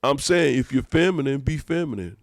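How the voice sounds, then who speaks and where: A man's voice: mid-range voice, expressive, fairly quick, vocal fry, no room sound, clean studio sound. A man, a pastor hosting a podcast, preaching emphatically in casual talk and repeating his phrases.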